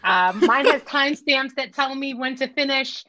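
A woman's voice: high voice, moderate pace, bright, forceful tone, no echo. A woman guesting on a podcast, talking in a wry, self-deprecating way. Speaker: podcast guest, school leadership program director. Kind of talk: casual podcast chat. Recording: dry, dull lo-fi sound.

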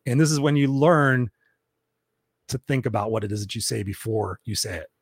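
A man's voice: mid-range voice, normal speed, breathy edge, dry recording, clean studio sound. A man hosting a solo livestream, telling candid, profane stories with lots of fillers and restarts. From Southern California. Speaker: host. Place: room at home.

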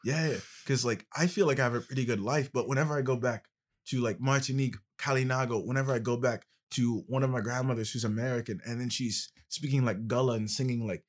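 A man's voice: medium pitch, steady tone, fast. A male podcast host in casual conversation, explaining at length with passion.

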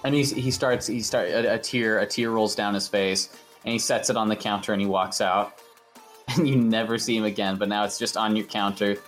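A man's voice: on the low side, steady tone, a little fast, fairly bright tone, faint music behind. A man hosting a casual podcast, rambling and repeating himself as he spins absurd made-up stories. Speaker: podcast host.

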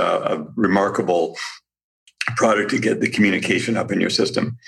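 A man with a very deep, gravelly voice speaks as an interview guest. He tells stories with eager enthusiasm, often restarting mid-sentence and laughing lightly. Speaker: guest, company founder. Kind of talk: casual interview talk.

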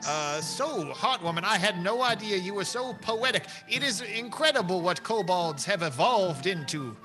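A man's voice: high voice, lively intonation, moderate pace, music in the background. Man putting on a folksy, rambling adventurer accent. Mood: admiring. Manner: homespun turns of phrase, rambling and warm-hearted.

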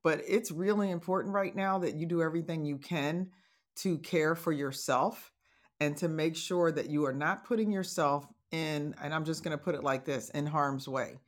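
A divorce coach hosts an advice podcast in a low voice at a moderate pace. She talks casually and encouragingly to listeners, adding playful asides and laughter.

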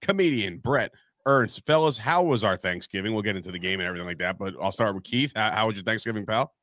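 A man with a New Jersey accent hosting a casual sports podcast, animated and swearing freely, laughing often. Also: lowish voice, fast, dry recording, studio quality. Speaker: podcast host.

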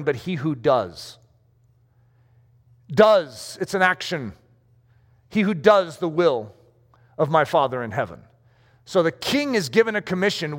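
A man with a high voice preaches a sermon in a large hall, and his words ring out with long reverb. He speaks with emphasis and acts out the voices of the people he quotes. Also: fairly bright tone.

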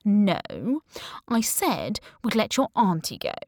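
A woman voicing a cheerfully menacing middle-aged male kidnapper in an audiobook, calm and quietly threatening. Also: medium pitch, slow, no room sound, clean studio sound, exaggerated voice. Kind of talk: audiobook character voice.

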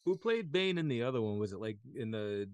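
A man's voice: medium pitch, big pitch swings, brisk, a little mellow, smooth, no room sound. A man in his forties chatting casually as a podcast guest, swearing freely and joking at his own expense. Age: 40s. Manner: swears freely, self-mocking. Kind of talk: casual chat.

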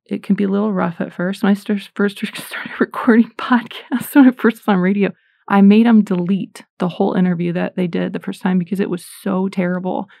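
Chatty woman with a gravelly, mellow voice. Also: medium pitch, no echo, studio quality. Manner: chatty, animated, self-deprecating. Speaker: Christian podcaster. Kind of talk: casual faith talk.

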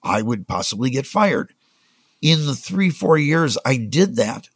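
A man's voice: medium pitch, big pitch swings, a little slow, slightly rough, no echo. A man and music industry executive, a guest telling anecdotes in conversation and acting out the dialogue. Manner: anecdotal, acts out quoted dialogue. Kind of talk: conversational storytelling.

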